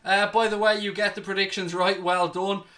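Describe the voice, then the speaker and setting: A young man hosts a football reaction show with hyped, excitable energy, a little out of breath. His voice sits high and bright, with a sharp, forceful edge as he keeps calling out to his viewers. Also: moderate pace. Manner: excitable, hyped, addresses viewers as ladies and gentlemen. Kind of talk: energetic post-match reaction.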